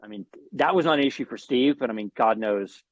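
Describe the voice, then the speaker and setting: A guest musician with a mid-range voice talks briskly in a casual interview, telling a long, rambling story. He swears, restarts often, and fills in with frequent fillers; the recording is dry and the audio dull.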